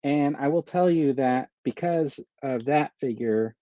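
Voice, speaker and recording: A man's voice: medium pitch, a little slow, warm tone, no echo, lo-fi sound. A man hosting a casual live stream, rambling, thinking aloud and answering viewers' chat comments. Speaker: host of a live stream about his action figure collection.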